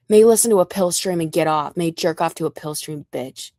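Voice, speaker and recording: A woman's voice: on the low side, a little fast, few pauses, mellow, dry recording. A young American woman livestreaming, ranting in a rambling, heated and profane way. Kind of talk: casual livestream rant.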